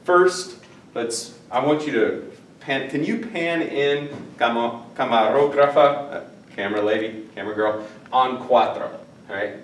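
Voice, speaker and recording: A man's voice: medium pitch, unhurried, slight background noise. A man teaching a Spanish class at a whiteboard, joking between number drills. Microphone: far camera. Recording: echoey classroom from far off.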